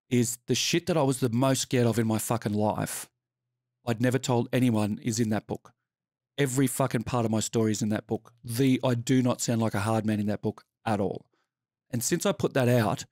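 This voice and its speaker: A middle-aged Australian man, a podcast guest, telling his story in a candid, sweary and animated way. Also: medium pitch, dry recording, studio quality. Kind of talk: casual interview storytelling.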